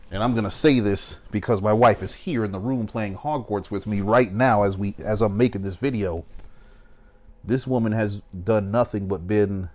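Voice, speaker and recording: A man's voice: lowish voice, darkish tone. A young man, talking in a casual, emphatic way as he reacts to a video and gives advice. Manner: emphatic, preachy, keeps saying "you know what I'm saying". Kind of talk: casual commentary.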